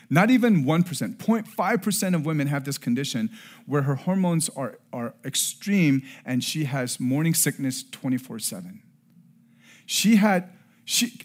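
A middle-aged man preaching a sermon and telling a personal story, earnest, rising to loud emphasis and dropping to hushed tones. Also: a little high. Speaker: pastor.

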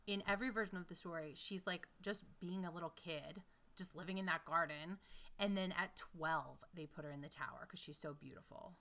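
A woman co-hosting a chat show, retelling a fairy tale in a wry, animated way. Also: lowish voice, brisk. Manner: wry, animated, swears casually. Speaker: podcast co-host.

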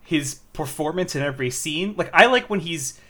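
A man's voice: fairly high pitch, expressive, normal speed, a bit bright. A man chatting casually about a film, rambling and giggling, often restarting his sentences.

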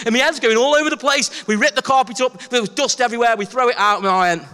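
High-voiced preacher in a reverberant hall. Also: male voice, very fast, few pauses. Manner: animated storytelling, acts out dialogue. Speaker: pastor. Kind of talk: sermon.

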